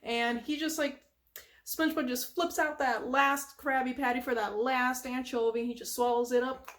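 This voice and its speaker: High-voiced woman host, casual, rambling retelling full of fillers. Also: fairly even intonation, normal speed, a bit bright, slight background noise. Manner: rambling, with lots of filler words and sound effects. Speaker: ASMR channel host. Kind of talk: casual retelling of a cartoon from memory.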